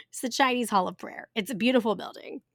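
A woman's voice: on the high side, dry recording, studio quality. A woman in her thirties chatting casually as a podcast co-host, giggly and full of fillers. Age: 30s. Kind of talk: casual chat.

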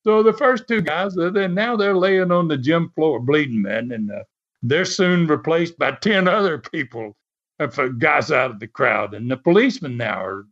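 Guy telling a long story, chatty, keeps chuckling, highish voice, muffled sound. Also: lively intonation, moderate pace, fairly bright tone. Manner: chatty, laughs often while telling stories. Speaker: interview guest. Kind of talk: casual storytelling. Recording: dull lo-fi sound.

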